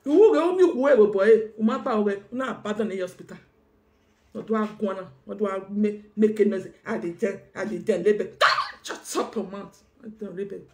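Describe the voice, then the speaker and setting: Nigerian woman guest, rapid scolding talker, mid-range voice. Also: mid-range voice, steady tone, darkish tone. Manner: rapid, mixing languages, scolding. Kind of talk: heated conversational exchange.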